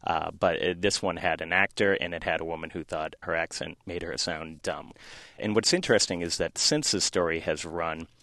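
Low-voiced guy from south boston on a radio interview, dry studio sound, easygoing, lots of uhs. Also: normal speed, dry recording. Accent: faint Boston, mostly neutral American. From South Boston, USA. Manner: relaxed and conversational, with frequent fillers. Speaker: newspaper reporter, guest.

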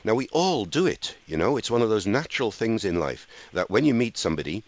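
A man who is an author and linguist, a guest on a radio show, explaining ideas in an expressive lecturing manner. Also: fairly low pitch, a little fast, no room sound, muffled recording.

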